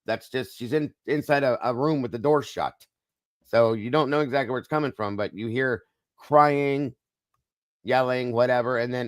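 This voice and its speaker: A man's voice: medium pitch, moderate pace, no echo. A man hosting a casual live-stream discussion, musing aloud and talking straight to viewers in the chat. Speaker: livestream host.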